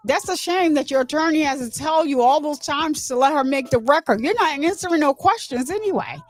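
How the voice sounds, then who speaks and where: Incredulous woman recapping, high voice. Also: animated, fairly quick. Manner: incredulous, rhetorical questions. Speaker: commentary channel host. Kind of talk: casual recap commentary.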